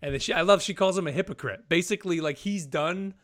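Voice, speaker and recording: Casual podcast co-host, man, slightly higher voice, loose and rambling, laughs easily. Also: fast, a bit bright. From United States. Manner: rambling, laughs often, retells scenes. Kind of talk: casual chat recapping a TV episode.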